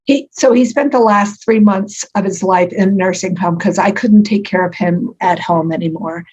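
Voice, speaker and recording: An older woman being interviewed as an author, telling stories warmly with frequent ums and laughs. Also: medium pitch, normal speed, slightly rough, highs cut off. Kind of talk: conversational interview.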